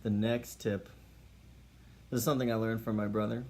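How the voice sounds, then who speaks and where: A man's voice: on the low side, level tone, normal speed, a little mellow. A man giving mock-serious dating advice in a playful comedy monologue.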